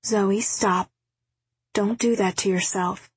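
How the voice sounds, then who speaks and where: A woman voicing a caring, gently firm mother in a novel reading. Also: mid-range voice, fairly even intonation, takes it slowly, breathy edge, dry recording. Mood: gentle.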